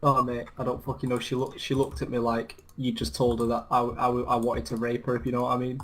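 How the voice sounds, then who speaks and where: A man's voice: mid-range voice, completely flat delivery, a little fast, fairly bright tone. A young man telling stories in a sweary, laddish way during casual gaming commentary. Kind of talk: casual chat.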